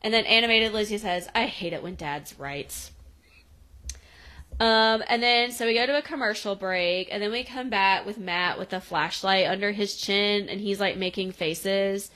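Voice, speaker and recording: A woman's voice: medium pitch, fairly even intonation, bright, forceful tone, clean tone, low-quality recording. Woman podcast co-host, casual recap, playful line readings. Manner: acts out the characters' lines in quick voices while retelling.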